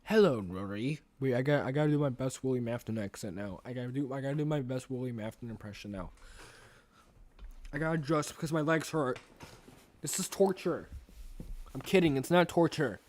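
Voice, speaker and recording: A man's voice: medium pitch, brisk, darkish tone. A young man chatting casually and reading a novel aloud. He rambles, restarts his sentences and talks to himself.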